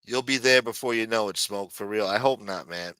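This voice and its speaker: A man's voice: on the low side, brisk, sharp tone, clear, resonant tone, no echo. A man, hosting a livestream and rambling casually, swearing often and tagging "man" onto his sentences. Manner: rambling, profane, says "man" a lot. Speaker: livestream host.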